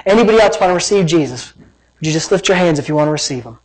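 A man's voice: a little high, expressive, fast, low-quality recording. A man preaching a sermon as pastor, emphatic and repetitive, acting out imagined conversations, then leading a prayer and altar call. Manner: emphatic preaching, repeats lines, plays out imagined dialogue.

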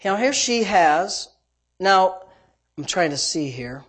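A middle-aged man, a pastor with a high voice, preaching emphatically and dropping from quiet asides to loud exclamations. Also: expressive, takes it slowly, husky. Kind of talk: sermon.

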